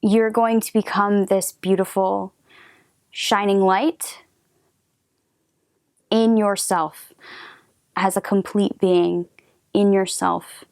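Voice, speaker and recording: A woman giving a gentle tarot reading, talking softly with hesitant restarts and frequent drops into a whisper. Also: mid-range voice, fairly even intonation, slow pace, gravelly, pauses often, no room sound, studio quality. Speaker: tarot reader.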